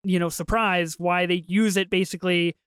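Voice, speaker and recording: Woman, smooth clear voice, dry close sound, chatty co-host, quick and excitable. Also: lowish voice, dry recording. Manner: fast, animated, with repeated restarts. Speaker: podcast co-host. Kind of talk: casual chat.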